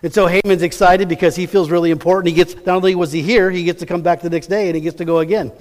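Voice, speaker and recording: A man's voice: sits high, steady tone, racing, a little mellow, big-room sound. A man preaching a sermon, retelling a Bible story in a casual, rambling way that often corrects itself. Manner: chatty, rambling, self-correcting.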